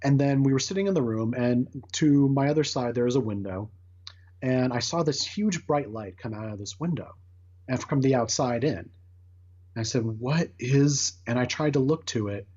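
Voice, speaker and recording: A man's voice: mid-range voice, moderate pace, darkish tone, slightly rough. A man in his thirties, a guest in an interview, earnestly recounting a personal experience with many restarts. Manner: earnest, rambling with restarts and acted-out quotes. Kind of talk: casual storytelling interview. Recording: muffled lo-fi audio.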